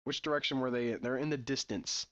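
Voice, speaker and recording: A man's voice: medium pitch, steady tone, brisk, a bit bright. A man playing a text adventure, reading the game's text aloud and breaking off for sarcastic, puzzled asides. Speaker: let's-play gamer.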